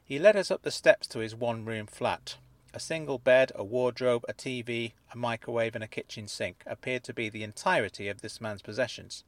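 A man narrates a first-person audio story, earnest and measured. He sits close to a studio mic with a mid-range voice and dry, dead sound with no room echo. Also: medium pitch.

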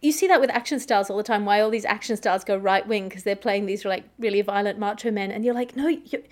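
A woman's voice: medium pitch, fast. A woman hosting a comedic news podcast, with a dry, wry delivery. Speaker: host.

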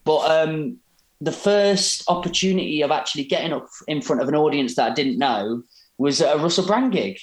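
A man, a poet guesting on a podcast, telling stories in an animated, rambling way with many restarts. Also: a little high, normal speed. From Derby, England. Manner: animated, rambling, self-interrupting. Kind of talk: casual storytelling interview. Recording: roomy echo.

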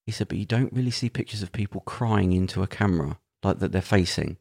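Low gravelly guy, talks fast, rambly earnest podcast chat. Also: animated, a little mellow. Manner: rambling, earnest storytelling with frequent restarts. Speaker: podcast co-host.

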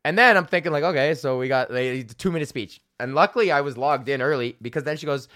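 A man's voice: mid-range voice, fast talker, no echo, clean studio sound. A man in his thirties, a comedian hosting his own podcast, telling a casual, swear-heavy story from his home office, often acting out the people he quotes. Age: 30s. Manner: profane, animated, quoting people in put-on voices.

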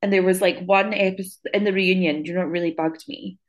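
Blunt woman co-host, low-ish voice, opinionated casual chat. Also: steady tone, fast talker, lo-fi sound. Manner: blunt, opinionated, swears freely. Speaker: podcast co-host.

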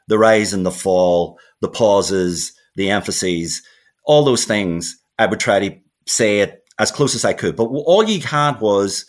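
A man, a podcast guest telling stories of his radio voice work in a reflective, meandering way. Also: lowish voice. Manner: reflective storyteller, frequent restarts and asides. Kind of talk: casual chat.

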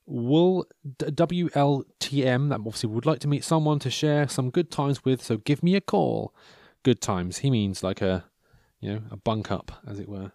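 A man's voice: medium pitch, normal speed, vocal fry, darkish tone, no room sound, studio quality. A man hosting a casual monologue, reading out personal ads with wry, rambling commentary into a microphone. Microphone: handheld or desk microphone.

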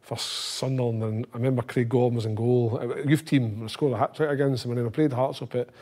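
A man's voice: medium pitch, fairly even intonation, fast, darkish tone. A middle-aged Scottish man, a former footballer, telling rambling anecdotes and swearing freely. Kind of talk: casual anecdotal storytelling.

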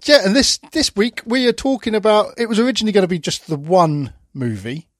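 Guy hosting a podcast, kinda high voice, rambly and chatty, dry close sound. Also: expressive, a little fast, dry recording. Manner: chatty, rambling, with frequent fillers and restarts. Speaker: podcast host. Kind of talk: casual chat.

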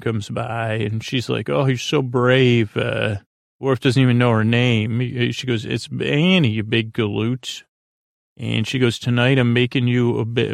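A man hosting a podcast, retelling an episode's scenes in a halting, rambling way with many fillers and restarts. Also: medium pitch, vocal fry, no room sound, studio quality. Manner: quick flat retelling of scenes and lines. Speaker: podcast host recapping an episode.

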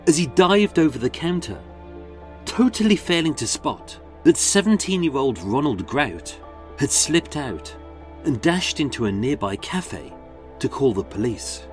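Male narrator for dramatic crime storytelling, mid-pitched, very expressive intonation. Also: unhurried, soft background music. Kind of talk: scripted true-crime narration.

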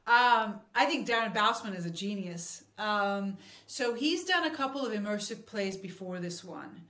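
A woman's voice: medium pitch, animated, moderate pace, a bit bright. A woman telling stories as a guest actress, chatty and laughing often. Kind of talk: casual storytelling interview. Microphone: remote call mic. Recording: roomy echo from a distance.

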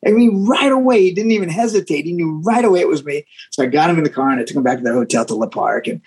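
A man with a raised, husky voice recounts his days on the road in a relaxed interview. He is animated, restarts and repeats himself, and slips into other people's voices as he goes. There is a gravelly edge to every line. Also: a little high, fast, rough recording. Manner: animated, repeats words, acts out voices in stories. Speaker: guest musician. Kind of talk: casual storytelling interview.

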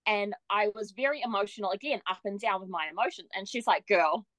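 A young woman, a podcast guest telling her story in a lively way, laughing often and acting out what people said. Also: mid-range voice, fast, dry recording, low-quality recording. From New Zealand. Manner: lively, laughs often, acts out quoted voices. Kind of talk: casual storytelling.

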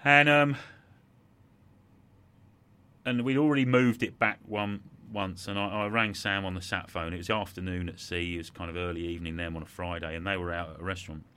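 A man's voice: deep voice, fairly even intonation, brisk, bright, forceful tone, slight background noise. A middle-aged man, a podcast guest, telling an emotional story in conversation, reflective and repeating words when moved.

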